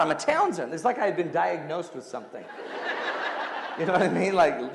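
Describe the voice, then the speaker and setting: Animated male host in a reverberant hall. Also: on the high side, brisk, a little hiss or hum. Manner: animated storyteller, acts out dialogue, audience laughter. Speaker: radio show host. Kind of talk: radio talk and recorded motivational speech. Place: large hall before an audience.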